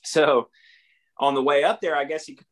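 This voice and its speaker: A young adult man with a drawl is a podcast guest, telling his own addiction recovery story candidly in plain, earnest speech and acting out lines he once said. His voice is on the high side, with a steady tone and moderate pace.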